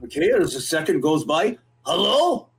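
Animated man telling wrestling-fan stories. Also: a little high, normal speed, rough recording. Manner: lively, animated anecdote teller. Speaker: podcast co-host. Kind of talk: storytelling chat.

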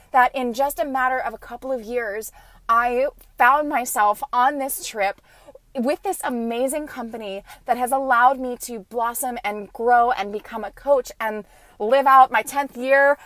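A woman in her thirties hosts a motivational podcast, coaching her listeners in an earnest, emphatic and encouraging way. Her voice sits a little high, recorded close and dry with no room sound. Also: dry recording.

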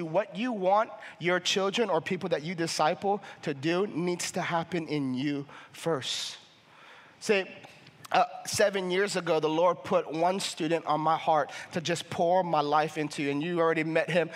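Young guy pastor preaching all fired up, high bright voice, echoey church hall, keeps restarting words. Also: fairly even intonation, a little slow. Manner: passionate, rising to near shouting, with many restarts. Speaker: family ministries pastor. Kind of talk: sermon. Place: church auditorium.

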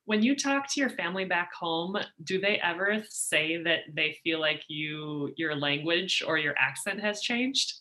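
A woman's voice: on the low side, lively intonation, measured pace, few pauses, pushed and bright. A woman hosting a podcast, asking curious questions of her guest. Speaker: podcast host. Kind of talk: interview questions.

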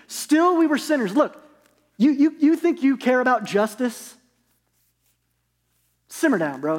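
Male pastor, high voice, earnest conversational sermon delivery; church sanctuary with long reverb. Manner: earnest, conversational preaching with rhetorical questions. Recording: long reverb of a large hall.

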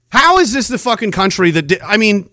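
A man's voice: high voice, pushed and bright, no room sound, clean studio sound. A man hosting a podcast, delivering an angry, profane, sarcastic solo rant. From Canada. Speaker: podcast host.

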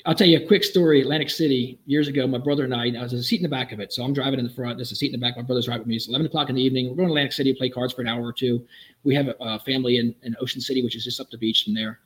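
Fast-talking, enthusiastic male storyteller. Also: medium pitch, low-quality recording. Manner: animated, enthusiastic, quick storyteller. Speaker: guest, custom vehicle builder. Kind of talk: casual storytelling in a podcast interview.

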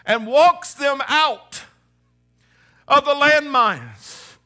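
An older man preaching a sermon, fervent, swinging from shouted peaks to hushed low passages and repeating phrases for emphasis. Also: measured pace, faint music behind. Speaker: pastor.

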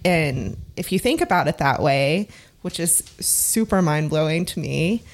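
Deep-voiced woman thinking aloud. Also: lively intonation, a little slow, slight background noise. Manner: thoughtful, hesitant, with many fillers and restarts. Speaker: podcast discussion participant. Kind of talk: casual discussion.

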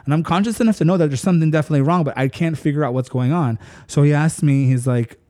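Man with an animated, casual storytelling voice. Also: on the high side, quick pace. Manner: animated, leans on "like", swears casually. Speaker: podcast co-host.

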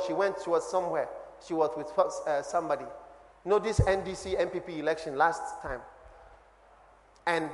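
High-voiced Ghanaian pastor preaching. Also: male voice. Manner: preaching with shifting volume, dropping low then rising loud. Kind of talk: sermon. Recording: long hall reverb.

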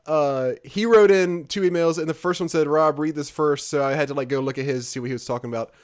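A man's voice: fairly high pitch, fast. A man co-hosting a podcast in casual chat, rambling, restarting his sentences and reading out listener emails. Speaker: podcast co-host.

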